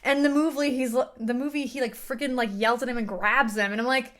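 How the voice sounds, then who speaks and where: Reviewer: a woman, slightly high voice, ranting casually with lively exasperation. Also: moderate pace. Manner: animated, exasperated, filler-heavy. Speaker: book and film reviewer. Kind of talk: casual rant to camera.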